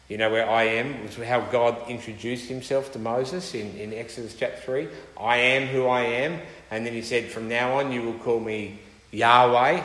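A man's voice: medium pitch, fairly bright tone. A male preacher delivers his sermon with emphasis and keeps asking his listeners questions. His voice rings through a roomy hall with a long reverb tail. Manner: emphatic, asks rhetorical questions.

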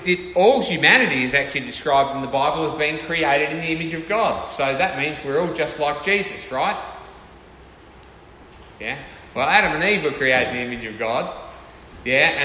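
Male preacher, bright clear voice, chatty delivery that keeps checking in with the congregation, echoey hall with long reverb. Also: on the high side, normal speed, a little hiss or hum. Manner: conversational, checks in with the audience often. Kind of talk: sermon. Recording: echoey hall with faint ambience.

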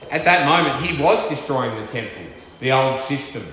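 A man preaching a sermon with earnest, emphatic delivery, slowing down to stress key words. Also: mid-range voice, expressive, sharp tone, a little hiss or hum. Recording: echoey church hall with long reverb.

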